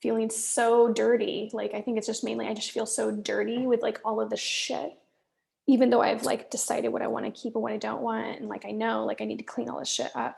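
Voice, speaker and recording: A woman recording a candid solo business check-in, angry and stressed, talking in halting bursts, swearing and sometimes dropping to a muttered whisper. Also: on the high side, steady tone, vocal fry, darkish tone. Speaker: solo business vlogger reviewing her own work.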